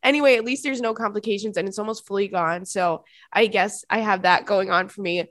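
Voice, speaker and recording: A young woman hosting a podcast, talking casually and animatedly at a middle pitch. Her voice is close and dry, with no room around it. She slips easily between relaxed chat and bursts of excited emphasis. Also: brisk, dry recording. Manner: animated, bursts into high laughter and squeals. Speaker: podcast host.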